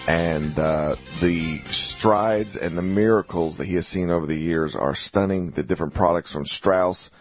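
A man hosting a talk radio show, talking in a halting way with many fillers and restarts. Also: low voice, soft background music.

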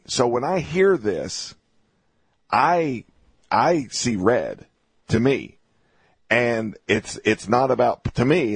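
Husky low-voiced male talk radio host. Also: darkish tone, dry recording. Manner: halting, many fillers and restarts.

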